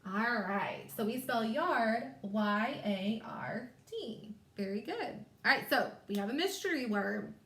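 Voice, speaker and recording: A woman teacher leading a phonics lesson, stretching words out slowly and sounding each letter carefully. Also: a little high, lively intonation, fairly bright tone. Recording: echoey room.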